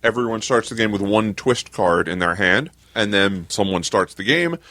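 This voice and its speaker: A man's voice: on the low side, expressive, normal speed, sharp tone, no echo. A man explaining game rules in a casual podcast chat, with lots of fillers. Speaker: podcast co-host.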